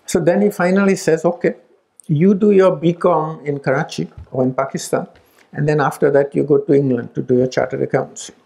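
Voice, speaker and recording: An older man in his seventies telling a personal story to a gathering, animated and quick, acting out quoted exchanges. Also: a little high, gravelly. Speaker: speaker at a spiritual gathering. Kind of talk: storytelling talk.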